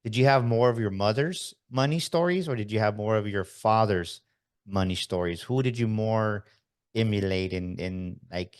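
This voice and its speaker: Low-voiced male podcast host. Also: moderate pace, smooth. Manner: addresses the audience directly, repeats words when starting. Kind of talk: interview questioning.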